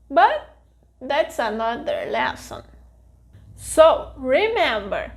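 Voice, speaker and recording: High, slow-speaking Brazilian woman teacher. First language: Portuguese. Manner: clear, deliberate teaching delivery with Portuguese terms. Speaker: language teacher. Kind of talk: scripted explanatory lesson.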